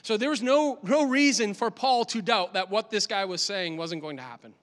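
A male pastor giving an animated, conversational sermon in a church, with lots of repetition for emphasis. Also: sits high, normal speed. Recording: long hall reverb.

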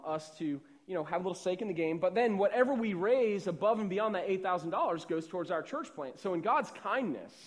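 A young adult man preaching a sermon as a pastor, in a conversational way that often checks in with "right?" and repeats words. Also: sits high.

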